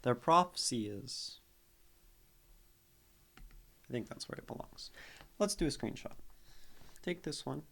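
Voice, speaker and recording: A man streaming live, slowly thinking aloud as he breaks down a poem, sounding out its syllables. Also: on the high side, lively intonation, vocal fry, breathy edge. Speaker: streamer analyzing poetry. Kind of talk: casual live-stream teaching.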